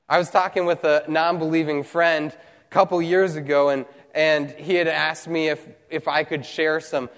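A man preaching a sermon as pastor, telling a story with earnest, animated delivery and dramatic pauses. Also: fairly high pitch, in a large hall. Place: church hall, also streamed online.

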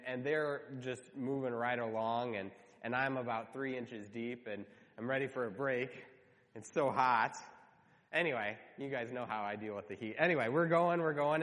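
A man's voice: a little high, fairly bright tone. A male pastor telling a personal story in a sermon, conversational and earnest. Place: large church hall. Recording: reverberant church hall.

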